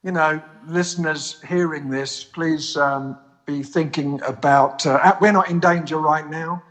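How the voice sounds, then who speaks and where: A man from the United States on a call, his voice bright and a little higher than most men's. He speaks in a dry, self-mocking way, halting and repeating himself as he goes. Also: steady tone. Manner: wry, self-deprecating, halting. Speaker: guest on phone. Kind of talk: casual call-in chat.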